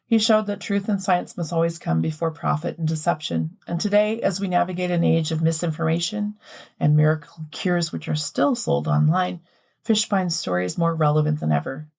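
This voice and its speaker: A woman with a low-pitched, gravelly voice tells a prepared history story on a podcast. She breaks from the script with casual asides, then slips into easy chat with her co-host. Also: moderate pace, a little mellow.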